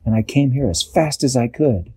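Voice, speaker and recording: A man voicing a gentle, wise female unicorn who speaks calmly and gives advice. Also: mid-range voice, normal speed, slightly rough, no echo. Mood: reassuring. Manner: calm and instructive.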